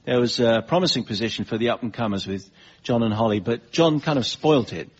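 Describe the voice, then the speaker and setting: Panel show host calling on guests. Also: male voice, mid-range voice, animated, lo-fi sound, noisy background. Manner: brisk, calls on panelists by name.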